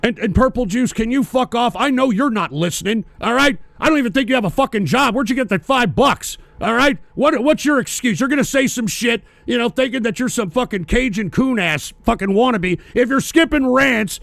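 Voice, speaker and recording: A man with a high, gravelly voice rants into a close mic on his own stream, swearing constantly and snapping at donors between points. His voice jumps into shouts and then drops low and muttering. The sound is dry, with no room around it. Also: animated, fairly quick, hardly any pauses, dry recording. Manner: profane, ranting, frequently shouting. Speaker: livestream host. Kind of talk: angry political rant, reading donations.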